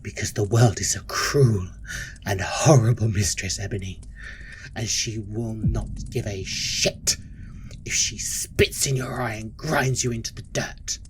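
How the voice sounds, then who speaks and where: A man's voice: on the low side, slight background noise, lightly acted. A man voicing a stern, strict orphanage matron in a tabletop game, talking in a harsh, lecturing way over faint music. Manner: harsh, lecturing, pleading when trapped.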